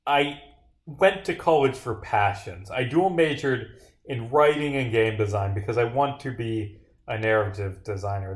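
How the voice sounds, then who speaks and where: Sarcastic young man streaming, echoey room. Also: on the low side. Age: young adult. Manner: rambling, sarcastic, profane. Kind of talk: casual livestream commentary while gaming.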